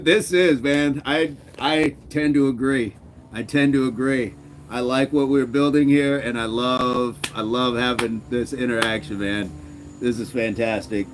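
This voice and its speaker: A cheerful man hosts a casual live stream, reading viewers' comments aloud and laughing easily. His voice sits at an ordinary middle pitch for a man. A faint hum of passing traffic runs behind him. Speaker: fitness streamer.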